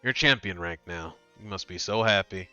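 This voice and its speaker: A man's voice: deep voice, moderate pace, sharp tone, clean tone, highs cut off, soft background music, voice pushed down. A man voicing a moody young snowboarder gym leader. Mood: aloof, brooding. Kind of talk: reading game dialogue aloud.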